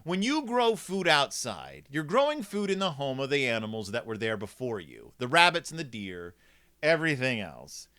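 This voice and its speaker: A man's voice: medium pitch, wildly swooping pitch, normal speed, sharp tone. A man hosting a comedic review of a children's book, talking in a snarky, rambling way.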